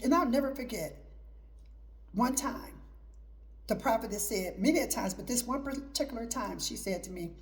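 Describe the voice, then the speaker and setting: A woman's voice: a little high, big pitch swings, normal speed, pauses often. Fervent middle-aged woman preaching. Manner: emphatic, repetitive, fervent preaching. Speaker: host. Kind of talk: preaching talk and personal testimony.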